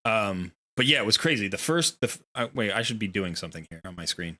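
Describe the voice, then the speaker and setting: A man's voice: lowish voice, animated, fast talker, bright, forceful tone. A man hosting a casual game livestream, chatting and telling a long rambling story with playful voiced asides. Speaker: game streamer. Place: home room near a window.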